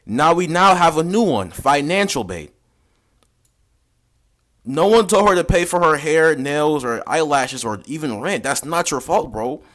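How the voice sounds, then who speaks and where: A man's voice: on the high side, expressive, measured pace, fairly bright tone. A man hosting, giving casual reaction commentary in slangy, lecturing talk. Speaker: dating coach, host.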